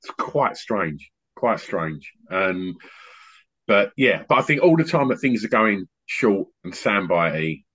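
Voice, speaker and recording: A middle-aged man hosting a podcast on a video call, a rambling, animated storyteller who often restarts his sentences. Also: lowish voice, slow, husky. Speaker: podcast host and DJ. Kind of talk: casual chat on an online call. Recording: muffled lo-fi online call audio.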